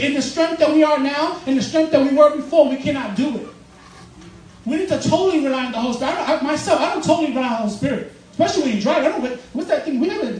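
A man preaching a sermon in a church, loose and joking, laughing through his points. His voice sits high and moves fast. The mic is set back, so the sound is roomy with faint noise behind. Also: recorded from a distance. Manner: casual, joking, laughs often while preaching. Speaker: pastor.

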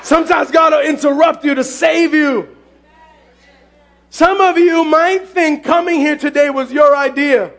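A male pastor preaching a sermon, often shouting, telling his story with lively exclamations. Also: very high voice, unhurried. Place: church sanctuary.

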